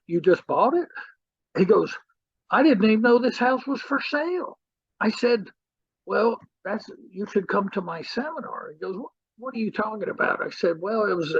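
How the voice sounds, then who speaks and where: A middle-aged man tells a story to a seminar audience and acts out each exchange. His voice sits high and sounds husky and gravelly. The recording is dry and a little muffled. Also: no room sound. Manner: animated storyteller acting out quoted dialogue. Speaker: real estate trainer.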